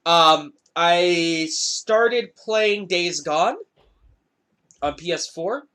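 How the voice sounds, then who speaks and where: He's a young podcast host whose voice sits high and moves very slowly. In a casual chat, he delivers a profane, animated story.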